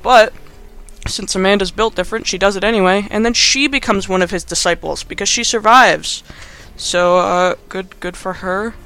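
A man's voice: high voice, normal speed, bright, forceful tone, smooth. A man hosting a podcast, recapping a movie in casual, sarcastic chat full of fillers and asides. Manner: rambling and sarcastic, heavy on fillers. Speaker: podcast host.

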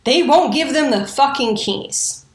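A woman's voice: sits high, animated, unhurried, roomy sound. A woman telling a history story in a casual, profane way, with indignant and sarcastic asides. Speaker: true crime storyteller.

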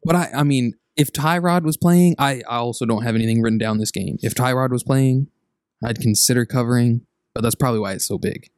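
A man's voice: medium pitch, a little fast, a little mellow, dry recording. Joking young man hosting, dry mic. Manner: joking, teasing, runs the segments. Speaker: podcast host. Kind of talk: casual sports chat.

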